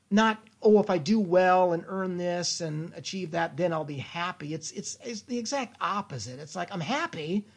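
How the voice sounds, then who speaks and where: A man talking as a guest in a casual interview, playful and lively, with many restarts. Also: a little high, husky. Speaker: guest, creative thinking consultant.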